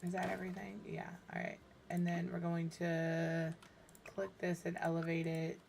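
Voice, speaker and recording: A woman streaming a game, hoarse with her voice fading, chatting tiredly and muttering to herself as she builds. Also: on the low side, completely flat delivery, normal speed, a little mellow, slight background noise. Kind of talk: casual gameplay streaming chat.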